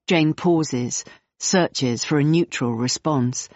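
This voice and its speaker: A woman's voice: low-pitched, unhurried, darkish tone, no echo, muffled recording. Woman reading a novel aloud. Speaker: audiobook narrator. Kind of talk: third-person audiobook narration.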